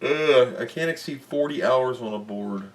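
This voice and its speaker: At medium pitch and normal speed, with slight background noise, a man runs his own electronics repair channel from the workbench. His narration is casual and self-deprecating, drifting into rambles and mumbled asides while he works.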